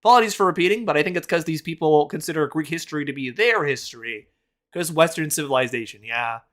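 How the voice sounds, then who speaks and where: A man's voice: a little high, fast, fairly bright tone. A man hosting a casual reaction video, blunt and mocking, swearing and laughing often. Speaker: host.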